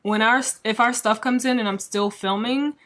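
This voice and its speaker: A woman hosting a casual crochet podcast, chatting to the camera in a rambling, excitable way with plenty of "like" fillers. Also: a little high. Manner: excitable, quick to get worked up. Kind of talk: casual chat showing yarn to camera.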